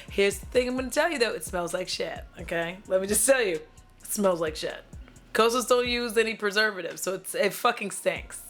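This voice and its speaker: A woman beauty vlogger with a medium-pitched, fairly bright voice chats casually at home while reviewing makeup. She's dramatic and profane and often trails off into little vocal noises.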